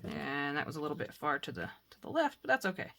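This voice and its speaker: A woman talking casually as she works through a crafting tutorial, chatting to herself and bursting into excitement now and then. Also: low-pitched, quick pace, gravelly, very noisy. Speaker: crafting vlogger.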